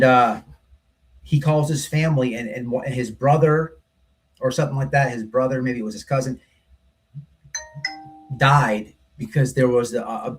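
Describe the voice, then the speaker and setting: A man hosting a livestream, telling a story in a blunt, rambling way, full of profanity and repeated "right?". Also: mid-range voice. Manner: rambling, repeats himself, says "right?" often. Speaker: livestream host. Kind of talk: casual storytelling monologue.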